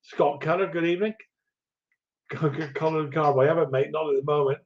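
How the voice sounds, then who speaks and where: A rambling, good-humoured middle-aged man, greeting viewers one by one with plenty of ums and restarts. His voice sits a touch high for a man. The stream audio is dull and lo-fi. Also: fairly even intonation, moderate pace. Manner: chatty, rambling, chuckling, many ums and restarts. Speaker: livestream host. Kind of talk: casual live chat reading viewer comments.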